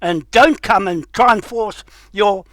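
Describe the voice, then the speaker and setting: A man's voice: sits high, measured pace, a bit bright, no room sound. A man, giving a defiant, repetitive rant straight to the camera as an activist. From New Zealand. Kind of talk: direct-address rant to camera.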